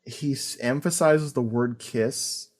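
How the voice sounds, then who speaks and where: A man hosting a podcast, chatting casually about an old film, animated and full of fillers and laughter. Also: mid-range voice, slow pace. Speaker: podcast host. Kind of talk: casual film review chat.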